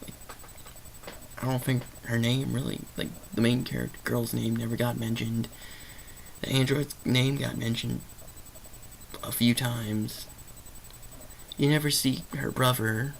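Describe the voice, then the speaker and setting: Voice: medium pitch, little pitch movement, unhurried, gravelly, long pauses, a little hiss or hum, poor audio. A movie reviewer rambling through an unscripted review in a loose, stream-of-consciousness way, full of fillers and restarts.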